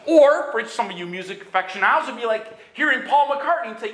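A man preaching a sermon in an animated way, sometimes raising his voice and acting out quick bits of dialogue. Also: very high voice, roomy sound, a little hiss or hum. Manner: animated preaching with bursts of shouting; acts out dialogue in quick asides. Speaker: pastor.

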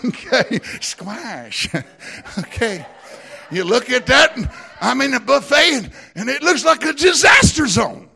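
A man with a Southern US twang preaching a lively sermon, laughing often and swinging from shouts to hushed asides. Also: very high voice, takes it slowly, creaky. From American South.

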